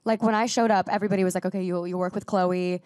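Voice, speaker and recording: In a casual interview, an actress guest chats with a mid-range, fairly evenly intoned voice that is a little mellow and clean. The studio-quality sound has no room tone. She is young and bubbly, leans heavily on "like," restarts fast, and still coughs from a recent illness.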